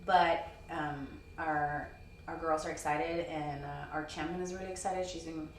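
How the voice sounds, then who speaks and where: A woman with a low, steady voice speaks at a measured pace while being interviewed as a wrestler and wrestling promoter at a convention hall. Her casual chat is sprinkled with "you know" and "girl"; the far-off mic picks up roomy echo and a little hiss or hum.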